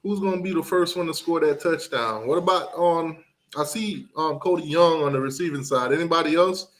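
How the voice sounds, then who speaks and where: On a casual sports talk live stream, a male host muses in a relaxed way, saying "um" a lot while reading out picks from the chat. He talks briskly, with a voice on the high side.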